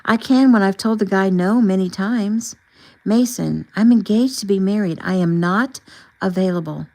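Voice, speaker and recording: A woman narrator voicing a young woman who is shaken but firm, speaking a little higher and louder. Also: normal speed, natural voice, poor audio.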